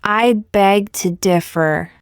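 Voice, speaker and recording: A woman reading short example sentences one by one for English learners, in a slow, deliberate, evenly paced way. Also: medium pitch, smooth, dry recording, clean studio sound. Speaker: English teacher.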